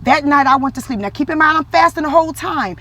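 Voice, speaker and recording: A woman's voice: high voice, fast talker. A woman telling a personal faith story in casual vlog talk, acting out quotes with animation. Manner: animated, acts out quotes in a lively voice, religious talk. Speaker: vlogger.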